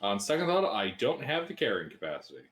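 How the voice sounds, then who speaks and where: Lively man chatting at a game table. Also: on the low side, fast. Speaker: player. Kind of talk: casual tabletop game chat. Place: home, online voice call.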